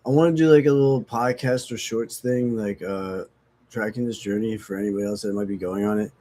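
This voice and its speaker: A man's voice: fairly low pitch, fairly even intonation, brisk, warm tone, a little hiss or hum. Frank, rambling man talking about recovery. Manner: rambling, frank and profane, self-mocking. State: sneezing, withdrawal from opiates. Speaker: recovery vlogger. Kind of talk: casual candid talk to camera.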